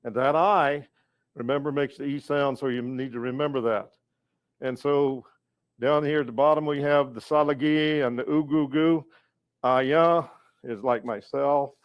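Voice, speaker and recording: An older man from North Carolina giving a language lesson, patient and slow, repeating each word so the learner can follow. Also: medium pitch, fairly even intonation. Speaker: educator and storyteller.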